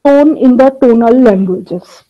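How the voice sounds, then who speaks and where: A woman giving an academic conference presentation on linguistics, talking through her slides in a measured way with frequent filler pauses. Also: a little high, dull audio. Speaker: linguistics researcher presenting a paper.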